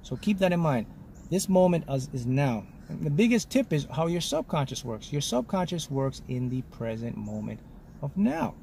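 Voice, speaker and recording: A man's voice: fairly high pitch, big pitch swings, normal speed, gravelly, mellow, slight background noise. A man giving a motivational talk as a spiritual mentor, speaking in short, emphatic statements and often checking in with "okay?". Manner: lectures in short punchy statements.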